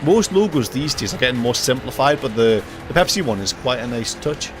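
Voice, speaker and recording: A man's voice: mid-range voice, lively intonation, fairly quick, over music. A young man ranting and joking casually to his chat during a gaming livestream. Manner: jokey, ranting, reacts to chat, swears casually.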